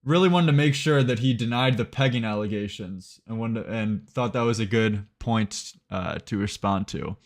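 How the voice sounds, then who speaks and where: A man's voice: lowish voice, normal speed, hardly any pauses. A young man giving mocking commentary as a streamer, sarcastic and rambling, often laughing.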